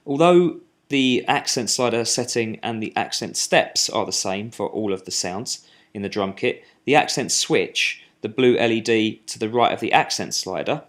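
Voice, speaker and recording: A man giving a screen-recorded music software tutorial, talking while he clicks, with fillers and restarts. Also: lowish voice.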